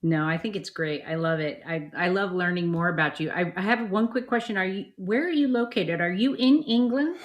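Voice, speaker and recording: A woman's voice: fairly low pitch, a little fast, hardly any pauses. A woman hosting a live chat show, gushing with enthusiasm about her upcoming guests. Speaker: host.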